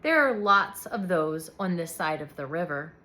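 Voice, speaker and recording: Blunt worldly French woman, dry delivery, lively pitch, voiced by a woman reader. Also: normal speed.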